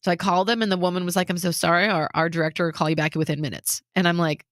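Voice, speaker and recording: A woman with a lower voice speaks very fast, recorded in clean studio sound with no room sound. Co-hosting a casual talk show, she retells a story from her own life, animatedly playing the other people's parts and laughing nervously.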